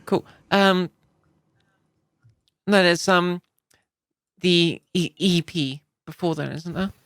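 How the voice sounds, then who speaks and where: A woman's voice: fairly low pitch, slow, fairly bright tone, dry recording. A British woman playing a tabletop game casually, hesitant and playful, with many fillers. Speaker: player. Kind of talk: casual tabletop role-play.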